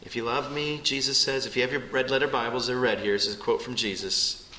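Middle-aged male pastor, bright forceful tone, earnest sermon delivery, roomy church echo. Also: mid-range voice, fairly even intonation, fast, slight background noise. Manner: earnest, rises to urgent pleading then drops soft. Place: church sanctuary. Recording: echoey church sanctuary with faint ambience.

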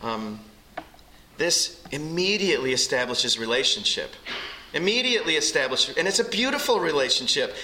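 A man preaching with a bright, forceful voice that rings through a roomy hall. He talks earnestly and emphatically, acting out prayers as he teaches his congregation. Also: on the high side. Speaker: pastor. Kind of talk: sermon.

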